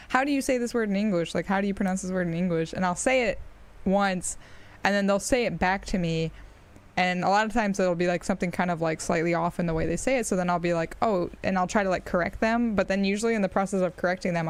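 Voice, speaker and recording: A woman's voice: medium pitch, fairly quick. A woman with an American accent chatting casually on a live stream while gaming, rambling and laughing often.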